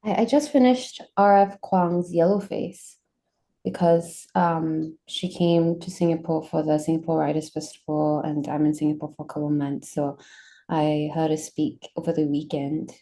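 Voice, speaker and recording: A woman's voice: low-pitched, steady tone, moderate pace, dark tone. A woman artist chatting casually on a video call, hesitant with many restarts. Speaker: artist guest.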